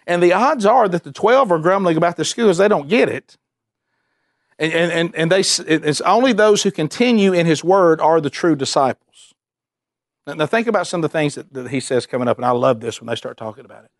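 A man's voice: on the high side, fairly quick, no room sound, studio quality. A man preaching a sermon, earnest and repetitive, firing off rhetorical questions. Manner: earnest, repeats words, fires rhetorical questions.

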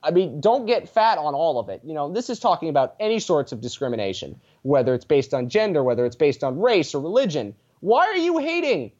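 A man's voice: a little high, sing-song, fast talker, few pauses, warm tone. A man chatting as a podcast guest, rambling through tangents with a sarcastic sense of humor. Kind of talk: casual podcast chat. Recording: dull lo-fi sound.

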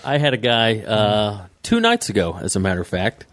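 A comedian co-hosting a podcast in casual chat, teasing and wry, telling a story with a flat punchline delivery. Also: male voice, on the low side, moderate pace, dry recording, studio quality.

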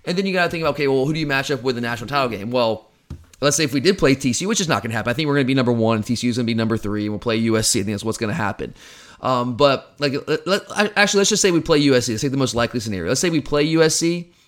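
A man's voice: medium pitch, lively intonation, racing, fairly bright tone. A man co-hosting a sports podcast, talking casually in a rambling, opinionated way about college football. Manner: rambling, opinionated, self-deprecating. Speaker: podcast co-host.

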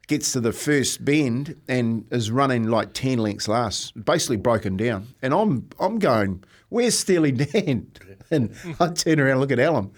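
A man with a New Zealand accent telling a story on a radio panel, chuckling as he goes. His voice sits at a middling pitch. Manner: laughing through his stories, restarts. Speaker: radio co-host, former coach. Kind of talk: casual anecdote.

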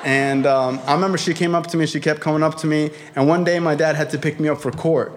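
A man's voice: fairly high pitch, steady tone, fast talker, slight background noise. A man telling a personal recovery story to a live audience, in a casual, profane, slangy way with frequent fillers. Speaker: speaker sharing a recovery story.

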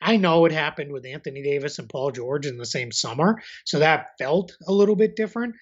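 A man chats casually on a sports podcast, rambling and easygoing as he circles his point. His voice sits a little high for a man. The audio is slightly dull and lo-fi. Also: brisk, breathy edge. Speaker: podcast co-host. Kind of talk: casual basketball podcast chat.

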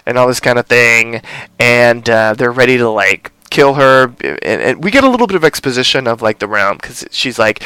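A man's voice: medium pitch, normal speed, fairly bright tone, smooth, dry recording. A man hosting a podcast, casually recapping a TV episode with lots of fillers and asides. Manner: rambling, filler-heavy. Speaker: podcast host.

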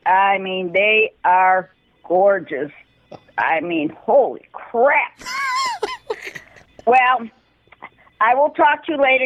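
A woman's voice: fairly high pitch, a little hiss or hum. Elderly Chicago woman gushing on voicemail. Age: 80s. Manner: effusive, swears in delight. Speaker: grandmother leaving a voicemail. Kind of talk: voicemail message. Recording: muffled phone voicemail.

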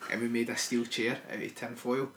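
A Scottish man co-hosting a podcast, telling sweary, animated stories in casual chat. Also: medium pitch, a little fast, slight background noise. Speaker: podcast co-host. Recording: echoey room.

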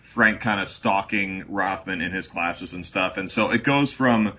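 A man co-hosting a podcast, talking over a film in an emphatic, somewhat halting way. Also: low-pitched, sharp tone. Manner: emphatic, a bit halting with restarts. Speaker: podcast co-host. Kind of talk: casual movie recap chat.

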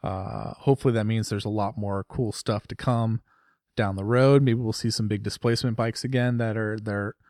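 A man with a somewhat low voice co-hosts a podcast, talking in a loose, rambling way and filling his thoughts with "you know" and "like." The sound is dry and close, with no room around it. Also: steady tone, normal speed, darkish tone, dry recording. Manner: rambling, chatty, laughs often. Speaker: podcast co-host. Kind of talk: casual chat.

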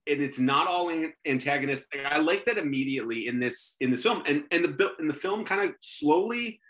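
A man with a bright, crisp voice and a lively, swooping delivery chats about a movie. He rambles through his thoughts casually and laughs often. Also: fairly high pitch. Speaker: podcast co-host.

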